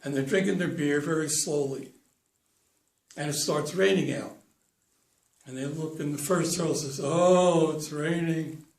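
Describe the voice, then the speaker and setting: A man's voice: on the high side, normal speed, vocal fry, pauses often. Older man telling stammering jokes. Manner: stammering, repeats words. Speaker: joke teller. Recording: echoey room, far from mic.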